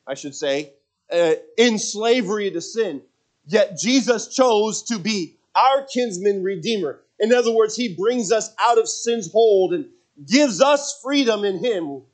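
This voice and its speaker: Man, pastor, sermon, fairly high voice, emphatic, scripture reading. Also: lively intonation, measured pace. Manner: swings from quiet storytelling to raised, emphatic preaching; reads scripture in King James wording.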